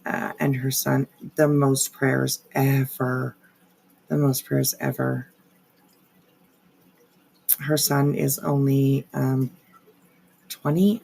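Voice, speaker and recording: Slow, gravelly-voiced woman streamer. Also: deep voice. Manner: rambling, many fillers, frequent swearing. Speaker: live streamer. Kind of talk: casual livestream commentary.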